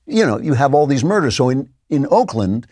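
A man's voice: medium pitch, big pitch swings, fairly quick, mellow, dry recording, studio quality. A man hosting a political commentary show, delivering a sarcastic, incredulous monologue with laughter at the clips. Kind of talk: opinionated monologue.

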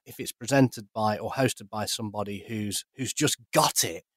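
A man's voice: lowish voice, moderate pace, no echo. A man co-hosting a podcast, giving blunt, opinionated views in casual chat. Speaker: podcast co-host.

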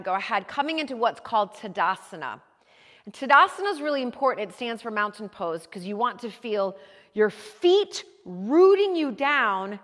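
A bright, cheerful young woman guiding a yoga class with a slightly high voice. She coaches in a chatty, encouraging way. The sound rings out with a long reverb, as in a large open room. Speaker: yoga instructor. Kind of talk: guided yoga class instruction.

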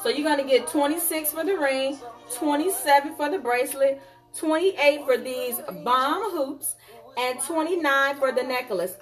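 Sassy high-voiced woman selling jewelry live. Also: unhurried, soft background music. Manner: sassy, animated, calls viewers y'all and honey. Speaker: online jewelry seller. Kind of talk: live sales stream.

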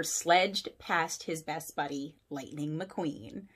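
A woman's voice: sits low, extremely slow. A woman pastor reading a picture book aloud to children, with friendly asides and questions. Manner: animated storytelling, asides to kids.

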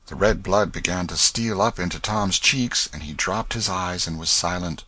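A man reading a classic novel aloud as an audiobook narrator, in a steady storytelling manner. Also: low-pitched, normal speed, hardly any pauses, breathy edge, no room sound.

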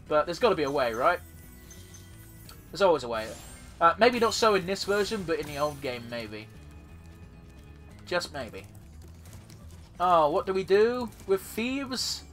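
A man's voice: on the high side, bright, forceful tone. A man casually commentating his own gameplay as a let's play host, rambling and swearing freely.

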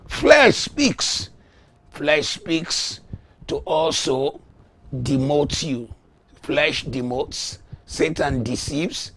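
A man preaching a sermon, slow and emphatic, rising to loud shouts when he acts out voices in a story. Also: mid-range voice. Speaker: pastor.

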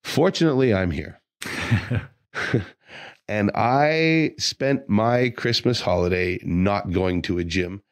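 A deep-voiced man on a fitness podcast, talking casually as a trainer and building into earnest rants. His voice sits very low and close, with a dry, dead sound around it. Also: slow pace, no room sound. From Quebec. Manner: chatty, ranting with conviction.

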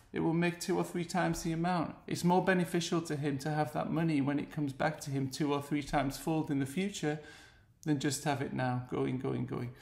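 A man's voice: fairly high pitch, vocal fry, darkish tone, roomy sound. An English man with an earnest, heartfelt and pleading manner, speaking straight to the camera in a personal video message.

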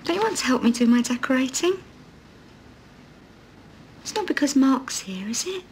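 A woman's voice: high voice, lively intonation, moderate pace, a little hiss or hum. An actress playing a prim, chatty middle-aged woman who tries to sound posh, talking in a coaxing sing-song way in a film drama. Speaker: employer. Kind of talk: 1980s film drama acting.

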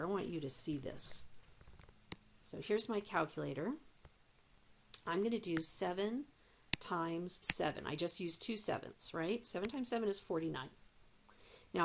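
Woman, math teacher, slow deliberate explaining, gravelly low voice, playful asides. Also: slight background noise. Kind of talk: recorded demo math lesson.

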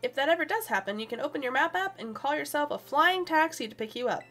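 A woman's voice: high-pitched, expressive, fast talker, a bit bright, faint music behind, pitched above the performer's own voice. Woman reading as a friendly classmate on the phone. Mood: chatty. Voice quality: plain reading voice, no accent put on. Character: friendly young male classmate calling on the phone.

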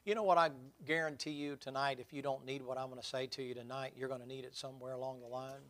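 A middle-aged man preaching a sermon, telling folksy stories and building to loud, emphatic points. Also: medium pitch, steady tone, quick pace.

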